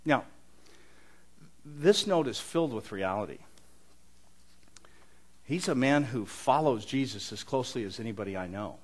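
A man's voice: mid-range voice, expressive, normal speed, long pauses. Earnest conversational male preacher. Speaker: pastor. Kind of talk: sermon.

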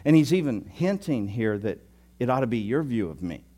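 A man preaching a sermon as pastor, teasing his listeners and telling the story with lively, sudden loud bursts. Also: medium pitch, moderate pace.

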